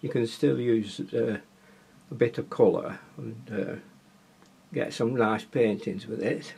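A man's voice: lowish voice, takes it slowly, creaky, dark tone, slightly rough. A man with a Wigan accent, teaching watercolour painting in a casual, chatty way, often asking viewers questions and muttering to himself as he paints. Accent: Wigan, Lancashire. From Wigan, England.

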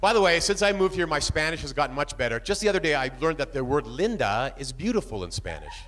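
A man doing a stand-up comedy set, animated and jumping into shouted bits. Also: fairly high pitch, fast talker, a little hiss or hum.

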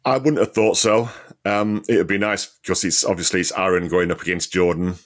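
A man with a very low, deep voice co-hosts a relaxed football podcast. He talks in an easygoing way, filling his sentences with "you know" and laughing often as he chats. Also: brisk. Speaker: podcast co-host, former player. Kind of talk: casual football chat.

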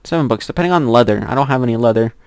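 A man's voice: expressive, racing, darkish tone, clear, resonant tone, no echo. Young male gameplay commentator, rambling, laughing often, dry close sound. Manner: chatty, giggly, rambling to himself; squeals in a high voice at cute animals.

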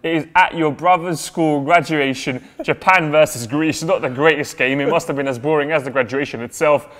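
A man's voice: on the high side, brisk, few pauses, fairly bright tone. Young guy joking around, co-hosting, roomy reverb. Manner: banter, jokey, reads viewer posts. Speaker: co-host. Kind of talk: casual chat.

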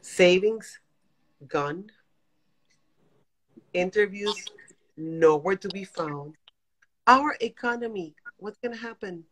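A woman in her fifties calling in from her apartment over a phone video call, talking in animated, exasperated bursts. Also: mid-range voice, slow, pauses often, poor audio. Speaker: guest caller. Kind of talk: emotional live-stream chat. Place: home apartment.

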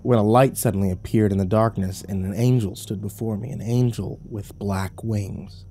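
A man reading a horror story aloud in a slow, grave, brooding manner. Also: lowish voice, fairly even intonation, dark tone. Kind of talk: scripted horror narration. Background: faint music.

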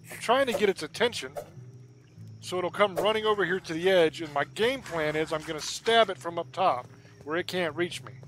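A man's voice: high-pitched, a little hiss or hum, low-quality recording. Chatty man narrating his gameplay. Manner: chatty, thinking out loud, exasperated. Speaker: gaming YouTuber. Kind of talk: casual gameplay commentary. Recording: game music behind the voice.

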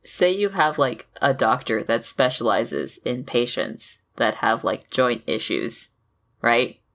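A woman co-hosting a comedic podcast with a calm, deadpan delivery, like a bored radio announcer. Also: very deep voice, takes it slowly. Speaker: podcast co-host. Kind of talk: casual comedic banter.

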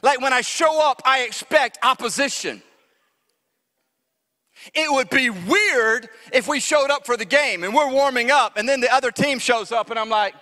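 A man preaching a lively sermon to his congregation, acting out the voices of the people he describes. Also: extremely high pitch, normal speed, in a large hall. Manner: animated, acts out voices of church members. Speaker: pastor. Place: church sanctuary.

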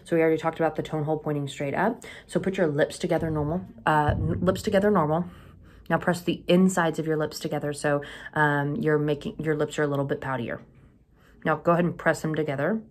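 A woman's voice: low voice, steady tone, fast. A woman band teacher giving a patient, step-by-step lesson, often checking in with "okay?", recorded on a camera mic in a school room while another class plays nearby. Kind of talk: instructional video lesson. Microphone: camera mic, leans closer at times.

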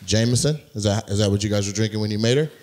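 A man with a lowish voice talks at a racing clip over a noisy background. He's an American stand-up comic doing live crowd work in a comedy club, ribbing audience members with brash, profane banter while the audience laughs.

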